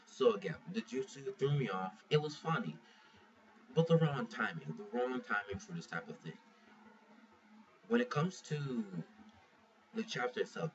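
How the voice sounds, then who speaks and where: Rambling, profane man reviewing manga, distant mic. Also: on the low side. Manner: rambling, profane, restarts a lot. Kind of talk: casual spoken review. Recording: muffled lo-fi mic from a distance, faint hiss.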